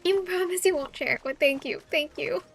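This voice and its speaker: A high-voiced woman streams a game and chats casually, giggling often and teasing her chat playfully. Faint game music plays under her voice. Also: fairly quick, a bit bright.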